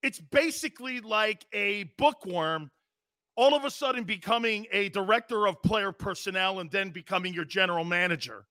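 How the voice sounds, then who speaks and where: Brash male sports talk host, high bright voice, dry sound. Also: moderate pace, no echo. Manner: loud, brash and animated, often shouting. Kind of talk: ranting sports talk monologue.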